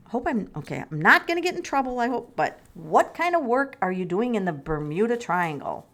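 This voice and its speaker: Middle-aged female tarot reader for a vlog, excitable and talkative, medium-pitched. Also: moderate pace. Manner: excitable, thinking aloud, many fillers and restarts. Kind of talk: casual tarot reading vlog.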